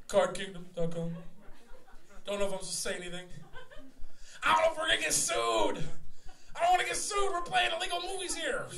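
A young man, a rapper fronting a live show, trading loud, profane, laughing banter with the crowd on a small theater stage. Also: very high-pitched. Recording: echoey live room, mic heard from far, loud crowd.

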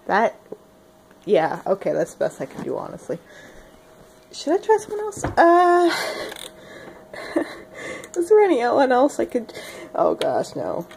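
A woman's voice: fairly high pitch, wildly swooping pitch, slow pace, vocal fry, pauses often, darkish tone, a little hiss or hum. A young woman rambling casually in a solo video, giggling and self-deprecating.

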